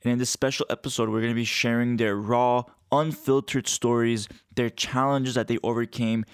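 A man co-hosts a relaxed podcast, telling stories in an animated, filler-heavy way at a middle pitch. The sound is dry and close. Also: moderate pace, clean tone, no echo. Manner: animated storyteller, many fillers, laughs easily. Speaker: podcast co-host. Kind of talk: casual chat.

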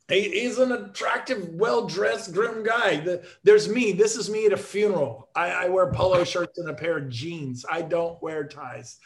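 This man's voice is high-pitched and his pace is measured. He's giving agents a motivational talk over video, spinning sales stories with emphatic, energetic punch and plenty of jokes.

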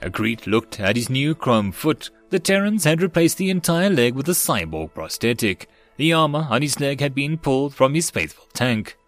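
Male audiobook narrator, steady even read, mid-pitched, faint music under him. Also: moderate pace, hardly any pauses, dry recording.

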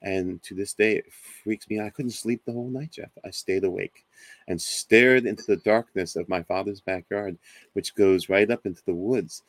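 A man with a very low, gravelly voice tells a spooky personal story in a relaxed, animated way. He acts out the voices of the people in his story. The recording is close and dry. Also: moderate pace, no echo. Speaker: guest telling a ghost story. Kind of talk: casual storytelling on a talk show.

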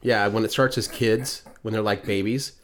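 A man co-hosting a podcast in casual chat, joking and quick to laugh. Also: fairly low pitch, fairly even intonation, a bit bright. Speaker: podcast co-host.

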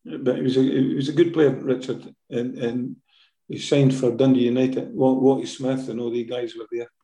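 A man's voice: mid-range voice, level tone, normal speed, dark tone, roomy sound. An older man with a Scottish accent, a former footballer telling stories in a casual interview, full of fillers and tag questions.

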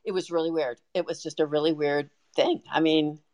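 A woman guest on a podcast, telling a story in an excited, animated way with frequent restarts. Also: deep voice, a little fast, no echo. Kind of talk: casual storytelling.

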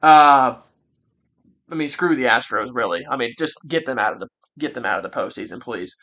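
A man's voice: medium pitch, animated, a little fast, sharp tone. A young man hosting a casual sports podcast who insists on his point again and again. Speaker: podcast host.

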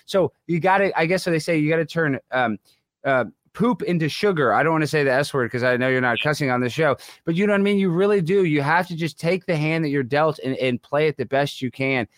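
A man from Dallas with a slight Texas twang, an excitable comedian talking as a guest in a casual interview. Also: a little high, dry recording, clean studio sound. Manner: excitable, talks in quick bursts. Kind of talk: casual chat.

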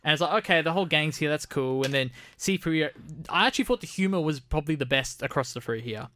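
A man's voice: on the high side, expressive, fast talker, bright, forceful tone, a little hiss or hum. A young adult man co-hosting a casual film review podcast, laughing as he critiques dismissively. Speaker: podcast co-host.

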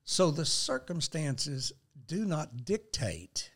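Speaking slowly in a fairly high voice, this older man shares earnestly and animatedly as a guest on a faith talk show. He quotes scripture along the way.

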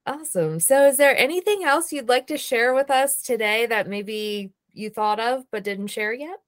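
A woman's voice: a little high, animated, normal speed. A woman hosting a podcast interview, thanking her guest and prompting him with upbeat questions. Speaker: podcast host.

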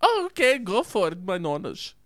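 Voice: medium pitch, wildly swooping pitch, moderate pace, fairly bright tone. A performer voicing a bumbling, self-important mob godfather in a hammy, wavering voice. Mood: pompous.

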